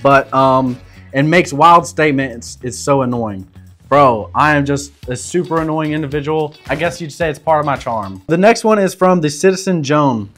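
Young southern guy, crude joking bravado, slightly high voice, faint music behind. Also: moderate pace, a bit bright. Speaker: show guest reading comments. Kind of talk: casual comment reading.

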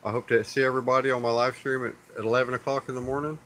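Rapid-fire and fairly bright, a mid-range male voice with little pitch movement carries an Oklahoma accent through casual stream chat. He wanders from point to point with lots of fillers, laid-back throughout, talking to "y'all" watching.

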